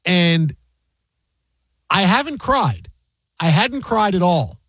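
Emotional, rambling New sports host. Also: male voice, sits high, sing-song, takes it slowly, fairly bright tone, slightly rough, no room sound. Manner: rambling, emotional, restarts a lot. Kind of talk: excited sports talk chat.

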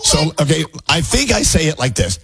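A man's voice: fairly high pitch, moderate pace, gravelly, breathy edge, no echo, soft background music. A man hosting a radio show, joking and laughing with his co-hosts and a caller. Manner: animated, laughing, playful. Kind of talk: casual morning radio banter.

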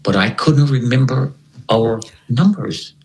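A man's voice: mid-range voice, expressive, takes it slowly, a little mellow, rough recording. A man, an interview guest, recounting a personal story and animatedly acting out the dialogue.

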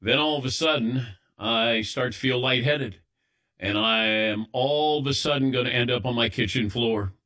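A man's voice: medium pitch, normal speed, bright, forceful tone. A man hosting a sports talk show, telling wry, self-deprecating stories in casual chat while a little lightheaded. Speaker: sports radio host.

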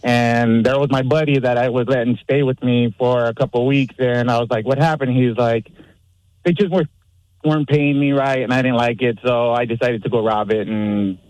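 A man's voice: medium pitch, a little mellow, dry recording, low-quality recording. Easygoing male caller, dry sound. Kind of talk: telling a story on a radio call-in.

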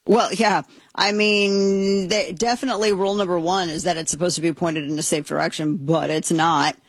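Husky lady radio host, dry close mic, lots of "oh my gosh" disbelief and jokes. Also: fairly low pitch, steady tone, moderate pace, dry recording. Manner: incredulous, exclamatory, joking. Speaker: radio talk show host. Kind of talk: casual talk radio commentary.

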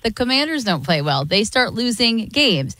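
A woman co-hosting a casual chat in a giggly, lively manner. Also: mid-range voice, normal speed, dry recording. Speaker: podcast co-host.

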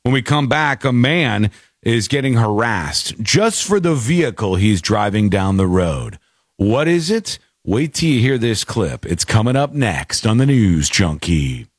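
A man hosting a talk radio show, reading listener emails aloud and joking around with his co-host in a casual, lively way. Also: lowish voice, unhurried, dry recording, studio quality. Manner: lively, animated delivery with jokey asides.

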